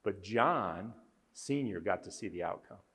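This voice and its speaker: A man's voice: low voice, expressive, measured pace, a bit bright, breathy edge, big-room sound. A man speaking as a conference speaker, earnestly telling a story with emphasis. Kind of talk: storytelling talk.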